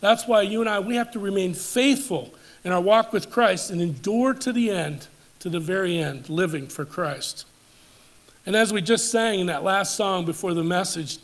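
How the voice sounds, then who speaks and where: A pastor with a notably high voice delivers a church sermon in a measured, deliberate preaching manner. He slows and drops his voice to drive a point home, then lifts it with force on the climactic scripture. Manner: measured preaching, slowing and dropping for emphasis, rising on climactic scripture. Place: church service.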